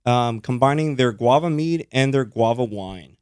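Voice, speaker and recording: A man hosting a casual podcast, relaxed and slow when explaining, often stumbling over words. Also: mid-range voice, smooth, dry recording, studio quality. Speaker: podcast host. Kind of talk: casual group chat.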